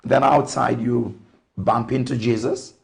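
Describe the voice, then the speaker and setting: An older man from Zambia hosts a television interview show. His voice is gravelly with a rough edge, and he takes his time, padding his questions with fillers. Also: medium pitch, fairly even intonation. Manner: unhurried, warm sign-off phrases, frequent fillers. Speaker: TV talk show host.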